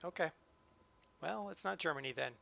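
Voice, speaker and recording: A man's voice: fairly high pitch, lively intonation, a little slow, sharp tone. A man streaming a train simulator live, joking and chatting to the game as he drives. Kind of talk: live-stream gameplay commentary.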